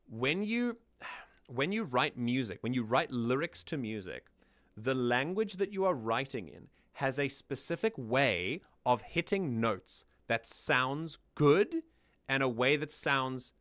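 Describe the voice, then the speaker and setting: A male host gives a casual music analysis in a medium-pitched, fairly bright voice, recorded dry with no echo. He's thoughtful and explanatory, often restarting mid-sentence, and sings lines back to demonstrate his points.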